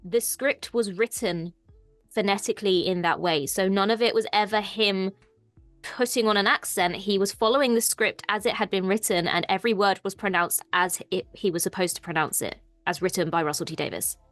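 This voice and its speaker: A woman's voice: mid-range voice, fairly quick, a bit bright, no room sound, faint music behind. Chatty Irish woman, enthusiastic. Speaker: co-host. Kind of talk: casual discussion.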